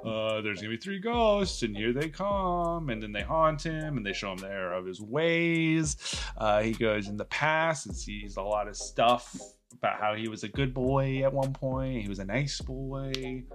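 A man co-hosting a casual podcast, telling stories in a joking, animated way. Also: mid-range voice, normal speed. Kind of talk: casual chat.

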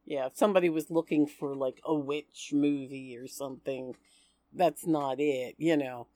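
A woman talking about a film with her son on a podcast, casual and unhurried, mostly short agreeing replies. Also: sits low, fairly even intonation, dark tone, no echo. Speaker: podcast guest, host's mother. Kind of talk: casual movie chat.

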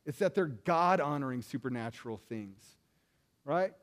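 A man's voice: mid-range voice, expressive, moderate pace. A man giving a conversational sermon, retelling stories in a casual way and often checking in with "right?". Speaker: preacher.

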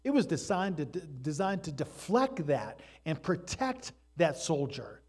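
A man preaching a sermon, telling Bible stories with lively animation and acting out the characters. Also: on the high side, a little slow. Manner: animated storytelling preacher, acts out voices in stories. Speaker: pastor.

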